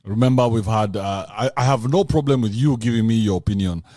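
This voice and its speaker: A man hosting and moderating a live audio debate, speaking haltingly and calling the room to order. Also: fairly low pitch, mellow, no room sound, studio quality. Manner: halting, stammering, calls for order.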